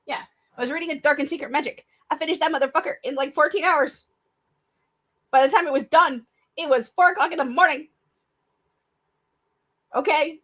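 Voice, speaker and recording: A young woman chatting casually on her live stream, excitable and rambling, with frequent restarts and laughter. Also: sits high, moderate pace. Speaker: streamer hosting a write-with-me stream.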